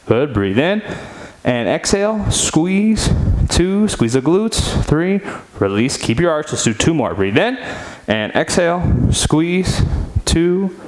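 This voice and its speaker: A man's voice: on the high side, big pitch swings, slow pace, low-quality recording. A man instructing a guided seated stretching workout, upbeat and chatty, counting reps aloud in a home studio. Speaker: fitness instructor.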